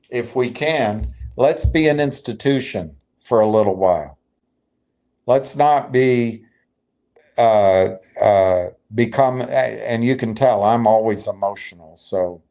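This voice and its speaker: Slow-talking man ranting about stocks. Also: mid-range voice, a little mellow. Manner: emphatic, agitated, reads chat aloud. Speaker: livestream host. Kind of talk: live stock market commentary.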